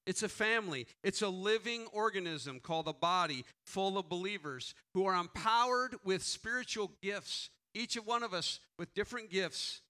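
A man preaching a sermon as pastor, earnest and full of rhetorical questions, with frequent restarts. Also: high voice. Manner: prays quietly and slowly.

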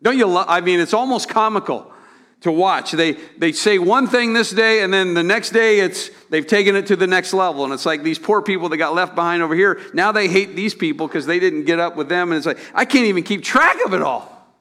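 A man's voice: sits high, a little fast, fairly bright tone, long reverb tail. A man preaching a sermon in a church. He talks in a conversational way, repeats words and asks rhetorical questions. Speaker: pastor.

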